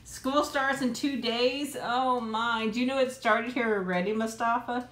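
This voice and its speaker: A woman's voice: fairly high pitch, fairly even intonation, unhurried, a bit bright, roomy sound. A middle-aged woman hosting a casual live chat from home on a tablet, laughing often and cooing at her pet. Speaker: live stream host.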